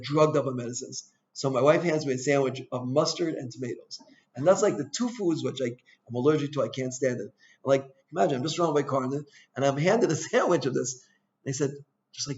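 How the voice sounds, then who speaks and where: Chatty rabbi with a slightly high voice. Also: male voice. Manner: chatty, anecdotal, quick asides with laughs. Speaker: rabbi teaching a class. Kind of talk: informal Torah class talk. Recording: dull lo-fi sound.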